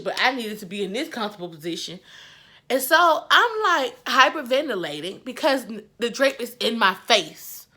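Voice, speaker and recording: A woman vlogger telling a story casually to camera, animated and laughing, swinging between hushed and loud. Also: on the high side.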